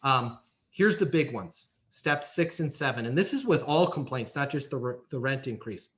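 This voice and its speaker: A man giving energetic coaching talk on a podcast, emphatic and repetitive, often checking in with "right?" and "okay?". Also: medium pitch, normal speed. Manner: emphatic, repeats key phrases, frequent "right?" and "okay?". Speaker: guest speaker on leasing and renewals. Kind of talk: energetic coaching talk with role-played examples.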